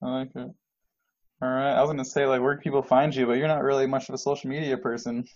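A man's voice: medium pitch, level tone, fast talker, darkish tone. A man hosting a podcast in casual conversation, playful and teasing. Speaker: podcast host. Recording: dull lo-fi sound.

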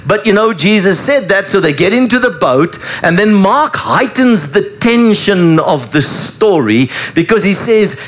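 A man preaching a sermon, retelling a story in an animated storytelling manner. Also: sits high, normal speed, few pauses. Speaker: pastor.

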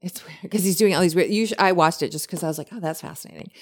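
A woman co-hosting a podcast, chatting casually and retelling a story with many animated quotes. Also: lowish voice, very fast, breathy edge. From lived in California. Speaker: podcast co-host.

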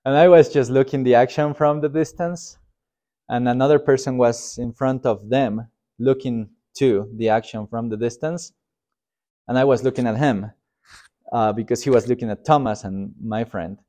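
A man in the middle pitch range teaches a Sunday school class. He talks informally, telling everyday stories and breaking into animated acted quotes to make his points. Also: moderate pace.

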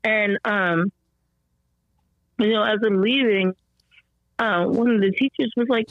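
A woman as a podcast guest telling a story about her son in a rambling, animated way, full of fillers and restarts, her voice slightly strained, as she acts out the people she quotes. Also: a little high, moderate pace, no echo. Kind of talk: conversational storytelling interview. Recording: dull lo-fi dry sound.

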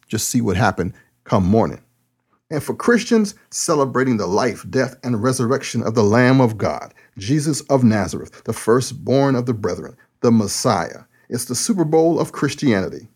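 A preacher hosts his own podcast in a casual solo monologue, speaking in a folksy, joking, and excitable manner. His voice is mid-range and slightly rough.

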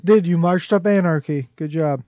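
Co-host, male, high voice, sarcastic and jokey, dry dull lo-fi sound. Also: normal speed, dry recording. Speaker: podcast co-host. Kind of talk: casual chat.

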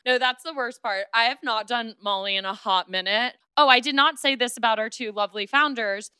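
A woman's voice: fairly high pitch, fairly quick, sharp tone, smooth, dry recording. Bubbly young woman podcast host. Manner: bubbly, jokey, swears freely. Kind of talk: casual chat.

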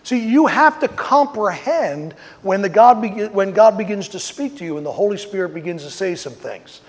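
A man's voice: high-pitched, expressive, normal speed, in a large hall. A man preaching a sermon outdoors, telling a story and acting out quotes with rising emphasis. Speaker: pastor. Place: outdoors on a street.

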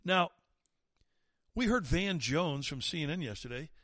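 A man's voice: a little high, expressive, a little slow, a bit bright, no room sound, studio quality. Indignant man ranting on talk radio. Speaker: radio talk show host. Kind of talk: opinionated talk radio monologue.

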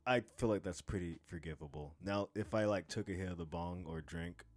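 A man's voice: deep voice, a little fast. A young man co-hosting a casual podcast, talking in a rambling, profane way with lots of restarts. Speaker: podcast co-host.

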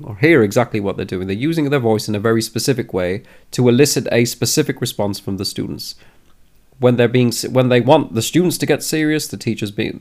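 A man's voice: mid-range voice, a little mellow. A man who is an experienced teacher giving direct advice to new teachers. He speaks emphatically and often restates his key points. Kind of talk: direct advice talk to camera.

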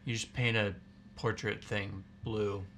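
A man from the United States chats casually on a podcast with a lowish voice. His tone is bright and forward, and he is quick with wry, teasing quips. Faint background noise runs under the recording. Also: level tone. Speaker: podcast co-host. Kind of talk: casual chat.

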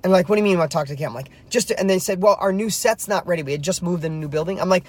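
A man's voice: sits high, rapid-fire, hardly any pauses, darkish tone. A middle-aged man, a real estate coach, telling a story to camera while driving, emphatic and fired up.

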